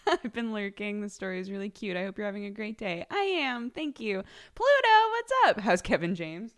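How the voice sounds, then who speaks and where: A woman's voice: mid-range voice, expressive, normal speed. A young woman livestreamer chatting casually with her viewers. She is bubbly and giggly, and she thanks subscribers by name. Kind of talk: casual chat with live viewers.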